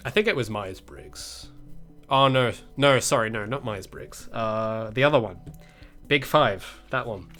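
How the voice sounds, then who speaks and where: An indie game developer with an Australian accent livestreams his work, chatting casually with viewers, rambling, hedging, and chuckling now and then. His voice is medium in pitch and a bit bright.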